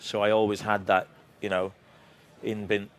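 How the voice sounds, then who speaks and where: A man's voice: on the low side, little pitch movement, moderate pace. A middle-aged Welsh man with a slight sore throat, chatting playfully as an interview guest and mocking himself. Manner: playful, self-mocking, laughs often. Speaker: author and comedian guest. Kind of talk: casual interview chat.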